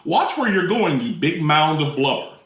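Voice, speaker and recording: A man voicing an indignant puppet-show character who huffs and shouts out complaints. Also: on the high side, very animated, normal speed. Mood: huffy. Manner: huffy, exclamatory. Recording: roomy, mic at a distance.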